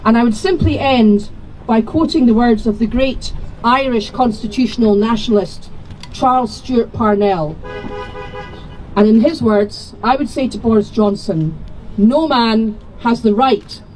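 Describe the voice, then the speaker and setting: A woman delivers a measured, formal speech at an outdoor rally. Her voice sits somewhat high, and her oratory is deliberate. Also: a little mellow, slight background noise, rough recording. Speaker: politician speaking at a rally.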